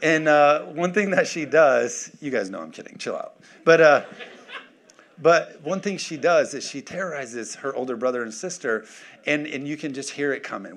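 A man in his thirties preaching a sermon as pastor, energetic and full of joking asides. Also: mid-range voice.

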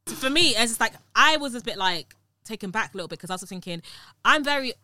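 Brief: young British woman, quick and bright, lively storyteller, dry close mic. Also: fairly high pitch, dry recording. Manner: animated storyteller, acts out quotes. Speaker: guest. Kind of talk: casual podcast chat.

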